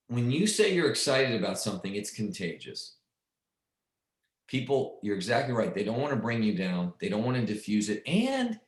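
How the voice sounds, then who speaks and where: Emphatic male sales trainer, mid-pitched, keeps asking "right?", roomy echo. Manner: emphatic, checks in with frequent "right?". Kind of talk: coaching a training session. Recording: echoey room.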